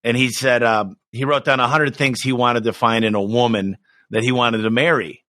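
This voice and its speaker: A middle-aged man talking as a podcast guest, with bright, forceful energy and frequent restarts. The recording is dry and close, with no room around the voice. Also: medium pitch, dry recording. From United States. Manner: energetic, emphatic, quick restarts, acts out quoted voices. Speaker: business owner guest. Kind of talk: casual podcast interview.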